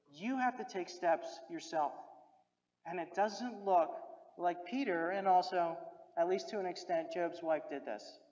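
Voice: mid-range voice, darkish tone. A preacher giving a sermon who talks directly to the listeners and urges them on, often repeating key phrases. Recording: dull recording with long hall reverb.

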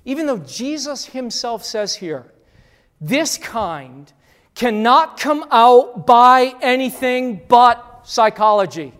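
A man preaching a Sunday sermon as pastor, emphatic and repetitive, swinging between loud declarations and hushed lines. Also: sits high. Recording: long church-hall reverb.

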